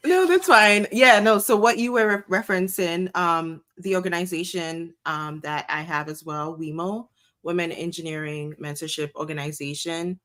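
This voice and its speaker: A woman from Ghana, an engineer and podcast guest, explaining things in a measured way with frequent ums. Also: fairly low pitch, fairly bright tone. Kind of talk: casual interview chat.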